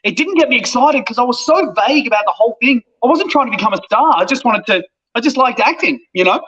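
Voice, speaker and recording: An actor tells a self-deprecating story in lively, casual chat. His voice sits high and rings bright and forward. The recording is dull and lo-fi. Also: fast. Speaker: actor, guest. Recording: dull lo-fi sound.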